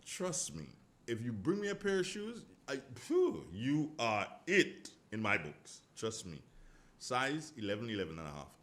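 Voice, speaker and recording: A man's voice: mid-range voice, very animated, measured pace, a bit bright. A man hosting a live morning radio show from a studio, chatting casually and rambling as he reads out listener greetings.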